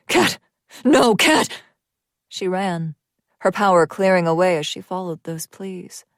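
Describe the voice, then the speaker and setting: A woman narrating a dark fantasy audiobook in a measured way, often sinking to near whispers. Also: lowish voice, no echo, clean studio sound.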